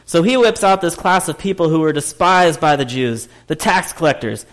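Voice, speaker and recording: Slightly high-voiced man preaching. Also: normal speed. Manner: conversational preaching with fillers, laughs and sudden loud bursts. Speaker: pastor. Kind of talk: sermon.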